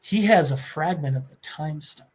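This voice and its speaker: A man on a podcast excitedly retelling a comic-book story, restarting his sentences as he goes. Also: on the high side, moderate pace, breathy edge. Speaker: podcast co-host.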